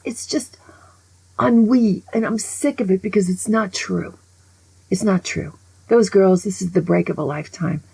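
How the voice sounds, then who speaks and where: A woman over sixty-five giving a casual, opinionated monologue as a vlogger. She is an animated, grumbling storyteller who often drops to a whisper. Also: medium pitch, measured pace, gravelly, breathy edge, no room sound, low-quality recording.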